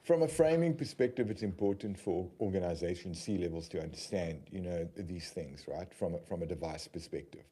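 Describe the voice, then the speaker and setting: A man co-hosting a tech podcast, talking in a measured way with fillers like "right" and "you know". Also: low voice, warm tone, breathy edge. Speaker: podcast co-host. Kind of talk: conversational tech podcast chat.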